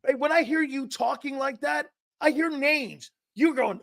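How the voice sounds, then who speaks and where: A man hosting a sports talk show, brash and profane, arguing loudly with his co-host. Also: very high voice, lively intonation, normal speed, creaky, no echo.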